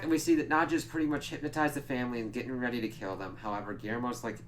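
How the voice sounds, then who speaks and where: A man giving a casual spoiler review, excitable and profane, with many filler words. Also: medium pitch, rapid-fire, hardly any pauses, a little hiss or hum. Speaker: TV episode reviewer.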